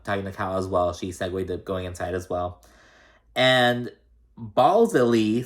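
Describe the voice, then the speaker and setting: A man casually recapping a reality show, opinionated and profane, who acts out the cast members' lines in exaggerated voices. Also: lowish voice. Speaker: recap host.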